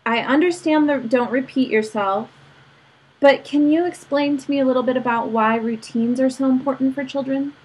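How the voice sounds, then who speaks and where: A woman's voice: high voice, moderate pace, slightly rough, poor audio. A woman hosting an interview as a mother, conversational and affirming, asking long questions. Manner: warmly affirming, conversational, asks at length. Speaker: podcast host and mother. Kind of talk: casual interview chat.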